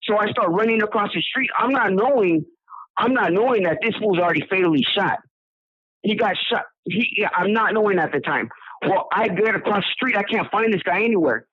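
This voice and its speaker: A man with a Southern California accent tells his story in a loose, rambling way, stumbling over and repeating words. His voice sits high for a man. It comes through a dry, tinny phone line. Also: brisk, husky, no room sound. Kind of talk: casual storytelling.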